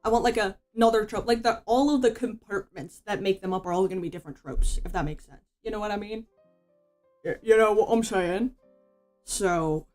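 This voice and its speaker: A woman's voice: mid-range voice, fast talker, few pauses, darkish tone, soft background music. A woman VTuber chatting casually while she draws, rambling in slangy speech with swearing and frequent "bro". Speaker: VTuber streamer. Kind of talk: casual commentary while drawing.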